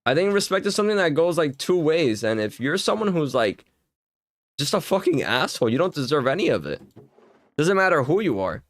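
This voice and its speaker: A man's voice: a little high, big pitch swings, brisk, no room sound. A young man streaming and chatting casually while gaming, ranting heatedly with lots of swearing and filler words.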